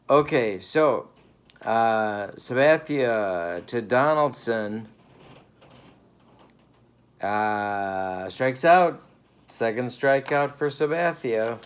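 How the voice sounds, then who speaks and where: With a clear, resonant mid-range voice, a man gives dry, playful mock radio play-by-play of a tabletop baseball game. He's doing it at home in his living room, sounding like a broadcaster.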